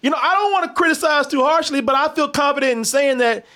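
A man's voice: extremely high pitch, quick pace. A man casually reviewing a movie with a co-host, joking, swearing and laughing often. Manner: animated, laughing, swearing, does mock voices.

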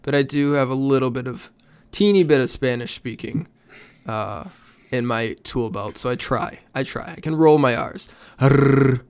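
A man's voice: mid-range voice, moderate pace, smooth. A man co-hosting a casual sports podcast, dry and matter-of-fact as he shares details. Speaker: podcast co-host.

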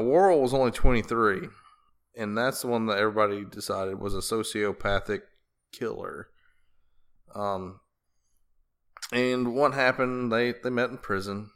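A man's voice: lowish voice, a bit bright, clear, resonant tone. A man co-hosting a podcast in casual chat, rambling through a story with crude jokes and laughter. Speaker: podcast co-host.

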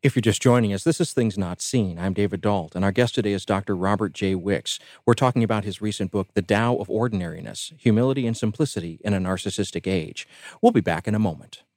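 A man hosting a radio show, reading scripted introductions and a sponsor message in a measured, clear announcer manner. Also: fairly low pitch, darkish tone, no room sound, studio quality. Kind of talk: scripted host links and sponsor read. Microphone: studio microphone.

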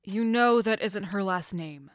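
A woman playing a dry, deadpan character who flatly corrects her friend. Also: medium pitch, a little slow, no room sound, natural voice.

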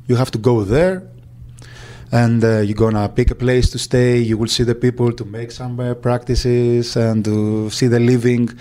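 Soft-toned man recalling. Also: mid-range voice, flat delivery. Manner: halting, searching for words. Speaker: agent. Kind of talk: interview recollection.

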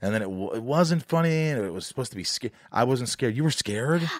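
This is a man of middle pitch hosting a podcast, who talks in a blunt, opinionated way and drifts off into asides. The sound is dry and close, with no room around it. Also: expressive, fairly quick, no room sound. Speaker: podcast host. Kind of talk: casual chat.

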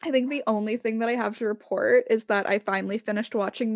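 A woman's voice: on the high side, steady tone, quick pace, no echo. Young canadian woman podcasting, says like a lot, dry close mic. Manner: chatty, lots of "like" fillers, laughs often. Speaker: podcast co-host. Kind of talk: casual chat.

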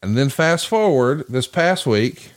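Profane, animated male storyteller. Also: mid-range voice, a little slow. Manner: profane, animated storyteller acting out quoted voices. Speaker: podcast host. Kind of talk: casual storytelling chat.

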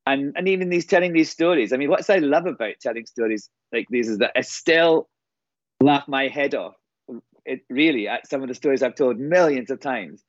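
A man's voice: mid-range voice, normal speed, no echo, highs cut off. A man, a singer and performer, telling showbiz anecdotes in casual chat and quoting people in other voices.

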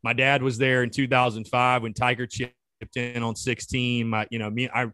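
A man's voice: medium pitch, normal speed, clean tone, no room sound. Guy on a podcast, chill, keeps saying man and dude, dry close sound. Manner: relaxed, repeats words, says man and dude. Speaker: podcast host. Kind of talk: casual chat.

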